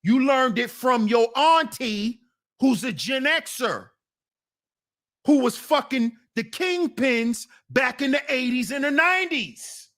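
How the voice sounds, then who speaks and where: High pitched guy, blunt casual rant, scolding his chat. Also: animated, slow pace, a bit bright. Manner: blunt, scolding, talks back to viewers. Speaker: commentary channel host.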